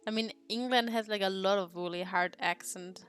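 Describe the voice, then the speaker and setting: A woman's voice: mid-range voice, fairly even intonation, normal speed, fairly bright tone, clean tone, faint music behind. Young woman, giggly casual streamer. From Germany. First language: German. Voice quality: laughs often, swears freely, rambling. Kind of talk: casual chat while drawing.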